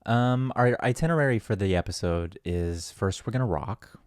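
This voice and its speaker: A man's voice: on the low side, normal speed, a little mellow, no room sound, clean studio sound. A man hosting a podcast in goofy, rambling, profane casual talk. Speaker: podcast host.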